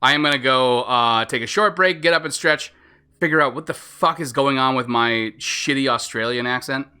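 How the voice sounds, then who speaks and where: A man's voice: mid-range voice, normal speed, sharp tone, clear, resonant tone. A man streaming a video game live, chatting in a rambling way, laughing at himself and swearing casually.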